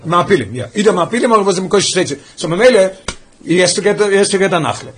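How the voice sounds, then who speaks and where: A man leading a text study class, reading quickly from a Hebrew text and explaining it in English. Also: high voice. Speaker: Torah class teacher.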